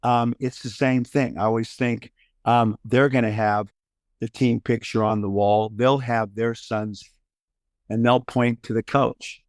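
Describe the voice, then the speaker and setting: An older man from California, a basketball coach, answering an interview question in a thoughtful, halting way with many fillers. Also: medium pitch, little pitch movement, dry recording, studio quality.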